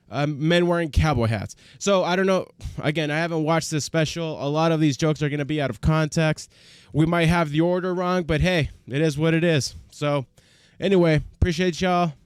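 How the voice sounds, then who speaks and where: A man's voice: fairly high pitch, clean tone, no echo, clean studio sound. A man hosting a reaction video, chatting casually in a laid-back, rambling way. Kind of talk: casual chat to camera.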